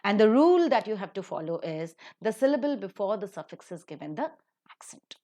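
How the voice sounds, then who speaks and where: A woman's voice: mid-range voice, big pitch swings, warm tone. Woman teaching English stress rules. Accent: Indian English. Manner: explains rules step by step, repeating example words slowly. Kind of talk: recorded slide lecture.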